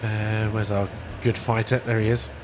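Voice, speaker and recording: A man streaming a game live, quickly ordering his crew around and reading the game's text aloud. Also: lowish voice, little pitch movement, over loud music. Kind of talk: live gameplay commentary.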